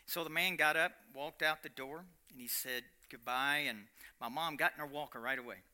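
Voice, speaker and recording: A middle-aged man preaching a personal testimony in a storytelling sermon style, swinging between loud animated stretches and hushed quiet ones. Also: fairly high pitch, normal speed.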